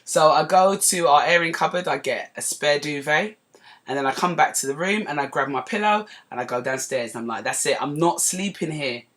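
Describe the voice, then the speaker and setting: A woman hosting a podcast, telling a personal story in a chatty, digressive way that turns animated as she relives it. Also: low voice, fairly quick. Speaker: podcast host. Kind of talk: casual storytelling monologue.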